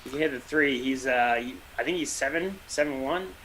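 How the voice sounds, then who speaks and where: A man's voice: medium pitch, normal speed, fairly bright tone, rough recording. A man co-hosting a fan podcast in casual chat, rambling with dry jokes. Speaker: podcast co-host.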